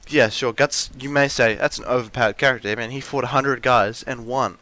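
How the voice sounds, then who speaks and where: A man's voice: medium pitch, fairly even intonation, fairly quick, pushed and bright. A young man in a ranty, rambling monologue, full of restarts and fillers, with mocking acted-out quotes of characters. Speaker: video essayist.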